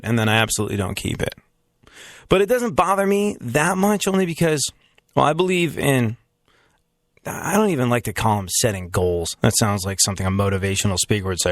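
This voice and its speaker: A man's voice: medium pitch, expressive, normal speed, pauses often, a bit bright, dry recording. A male talk-show host rambling through a casual monologue, poking fun at himself and acting out his own voice. The sound is dry and close, with no room around it. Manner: jokey, self-mocking, acts out his own voice in quotes.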